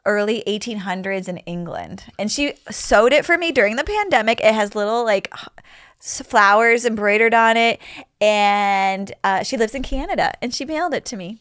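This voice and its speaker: A woman's voice: mid-range voice, animated, moderate pace, fairly bright tone, clear, resonant tone. A woman comedian hosting a podcast, chatting playfully, rambling and laughing often. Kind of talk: casual comedic chat.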